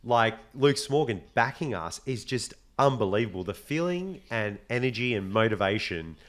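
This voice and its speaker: A young adult man with an Australian accent, hosting a casual podcast chat, animated and swearing freely, with a slight cold. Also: medium pitch, normal speed. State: has a cold. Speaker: podcast host.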